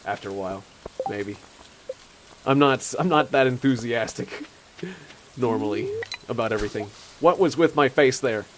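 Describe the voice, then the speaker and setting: A man's voice: mid-range voice, moderate pace, long pauses, a little hiss or hum, rough recording. A young man streaming a game, chatting casually, rambling and laughing often. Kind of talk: casual chat while playing a game.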